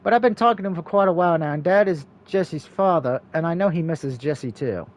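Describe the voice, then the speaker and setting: A man's voice: a little high, fairly quick. A man reading a story game aloud, stumbling and correcting himself now and then. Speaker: let's play reader.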